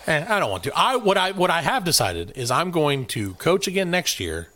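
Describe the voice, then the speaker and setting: A man's voice: on the high side, sing-song, normal speed, pushed and bright, no room sound. A middle-aged man, a podcast co-host, ranting through a profane story in casual banter. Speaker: podcast co-host and youth basketball coach.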